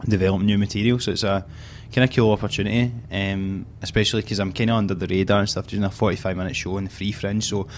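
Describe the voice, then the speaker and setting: A man's voice: lowish voice, flat delivery, fast, few pauses, slight background noise. A young Scottish man with a Glaswegian accent, a comedian chatting casually as an interview guest in front of a small live audience, self-mocking and full of fillers. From Scotland.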